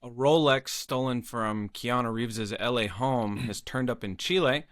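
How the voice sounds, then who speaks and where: A man's voice: medium pitch, moderate pace, fairly bright tone, no echo, studio quality. A male comedian reading monologue jokes in a laid-back way, mumbling as he explains his punchlines. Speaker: comedian guest.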